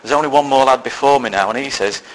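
A man's voice: mid-range voice, quick pace, poor audio. A man preaching a sermon, telling a personal story with self-deprecating, dry humour before turning to a serious point. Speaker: lay preacher.

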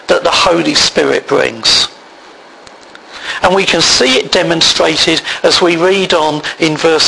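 A man preaching a sermon, reading scripture aloud in a measured way. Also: a little high, pushed and bright, slight background noise, rough recording. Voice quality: gravelly.

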